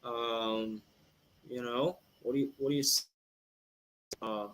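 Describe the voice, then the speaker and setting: A man's voice: medium pitch, fairly even intonation, takes it slowly, fairly bright tone, poor audio. A young man hosting a sports podcast live stream, rambling through betting picks and draft talk with lots of fillers. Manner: rambling, filler-heavy, thinks aloud. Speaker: podcast host.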